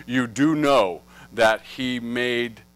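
A man's voice: medium pitch, extremely slow, fairly bright tone, smooth, low-quality recording. A man coaching actors in a live acting workshop, playful, coaxing and freely profane as he talks to performers and the audience. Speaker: acting teacher.

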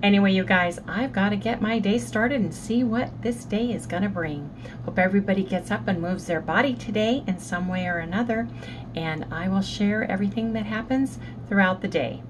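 Middle-aged woman vlogger, chatty and homey, average pitch, faint hiss behind her. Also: normal speed. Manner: chatty, repeats "anyway, you guys" and "yes, indeed". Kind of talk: casual vlog chat.

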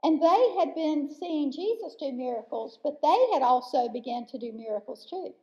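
A woman preaching a sermon in a church, earnest and emphatic, slowing down to stress key words. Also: high-pitched, expressive, darkish tone. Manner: earnest, slow and emphatic with pauses. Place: church sanctuary. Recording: dull lo-fi church recording.

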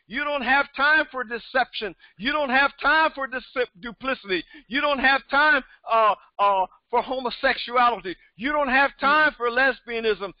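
A man in his seventies, a pastor preaching a sermon with emphatic repetition that rises to shouts. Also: extremely high pitch, normal speed, hardly any pauses, no room sound. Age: 70s. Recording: dull, dry recording.

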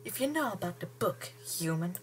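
A woman voicing a frail, ancient female sprite healer who swings from scorn to shrill pleading. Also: lively intonation, normal speed, a little hiss or hum, close to an everyday voice. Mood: scornful.

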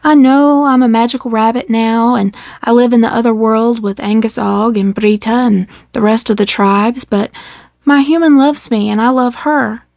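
A woman voicing a sad little male magical rabbit who speaks slowly, softly and tearfully, in a storybook reading. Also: on the high side, steady tone, vocal fry, dry recording, studio quality. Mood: wistful. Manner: slow, tearful and soft-spoken.

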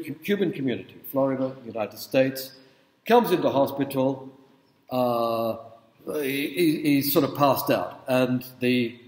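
A middle-aged male lecturer speaks casually at a mid pitch and keeps asking the room "okay?" as he tells stories. His voice carries a long hall reverb that rings around a big lecture room. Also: a little mellow. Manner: informal, checks in with the audience. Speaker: university lecturer. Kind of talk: conversational lecture with anecdotes.

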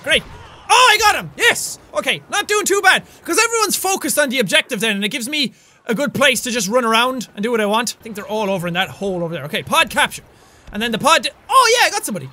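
High, bright-voiced excitable gamer man. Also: quick pace. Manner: excitable, swears a lot, yells at enemies. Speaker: gaming channel host. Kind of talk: gameplay commentary.

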